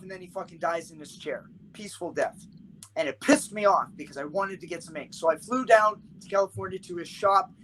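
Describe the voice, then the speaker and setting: A middle-aged man with a notably high-pitched voice talks as a podcast guest. He tells his stories emphatically and animatedly, swearing freely, with a faint hiss of noise behind him. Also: rough recording. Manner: emphatic, profane, animated storyteller. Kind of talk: casual storytelling chat.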